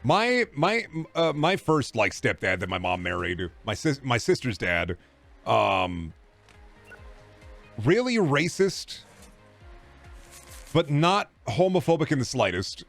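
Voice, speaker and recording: A man's voice: mid-range voice, very animated, slow pace, vocal fry, pauses often, a bit bright, soft background music. A young man from Texas, ranting sarcastically and profanely during a casual stream chat.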